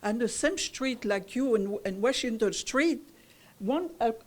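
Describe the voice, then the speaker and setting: A woman's voice: a little high, lively intonation, measured pace. An older woman from Italy, raised in France, who speaks broken English with a French accent and makes an emphatic complaint as a resident at a community meeting. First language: Italian. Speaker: resident speaking at a public forum. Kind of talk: public comment at a community meeting.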